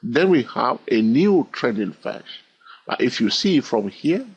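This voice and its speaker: Husky, animated male trading teacher. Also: medium pitch, unhurried, muffled recording. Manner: repetitive, keeps asking "all right?"; counts wave numbers aloud in a sing-song way. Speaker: trading instructor. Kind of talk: recorded chart lesson.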